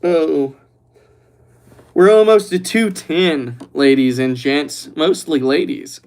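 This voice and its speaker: A young man hosting a livestream who chats loosely and teases the viewers while reading their comments aloud, relaxed after a few glasses of red wine. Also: on the high side, slow. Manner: joking, teasing, reads chat aloud. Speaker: livestream host. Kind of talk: casual livestream chat.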